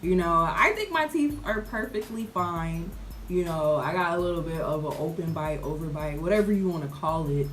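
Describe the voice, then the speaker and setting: A woman's voice: on the low side, animated, normal speed, a little hiss or hum. A young woman, chatting to camera in a casual, playful way and calling her viewers y'all. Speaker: vlogger reviewing a product.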